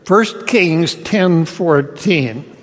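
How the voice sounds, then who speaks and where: A male pastor with a high voice delivers a sermon at a slow, deliberate pace. He keeps putting rhetorical questions to the congregation. A long reverb trails his words around the hall. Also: expressive.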